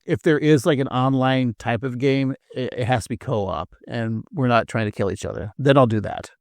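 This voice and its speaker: A man's voice: medium pitch, moderate pace, no room sound, studio quality. A man co-hosting a casual podcast, joking and rambling with lots of fillers. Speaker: podcast co-host.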